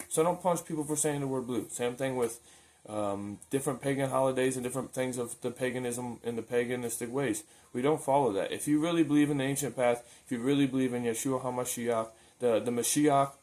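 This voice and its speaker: A man's voice: mid-range voice, a little mellow. Earnest man preaching casually to camera. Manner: earnest, repeats words and restarts, informal slang. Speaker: religious video maker.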